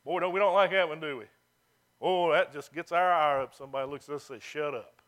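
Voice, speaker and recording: Moving fast, this male pastor booms out scripture in his sermon, then lowers his voice into mockery to make each point.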